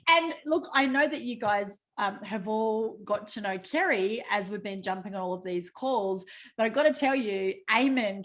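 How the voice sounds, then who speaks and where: A woman hosting a team video call, talking in a bubbly, effusive way and laughing often. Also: mid-range voice. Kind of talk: casual video call presentation.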